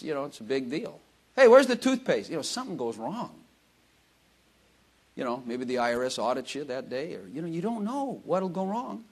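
A man preaching a conversational sermon, throwing rhetorical questions at the congregation and acting out prayers. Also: fairly high pitch.

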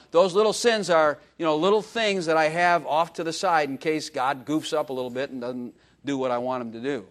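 Man, pastor, sermon in a church, higher-pitched voice, loud emphasis then hushed asides, acts out quotes, humorous. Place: church before a congregation.

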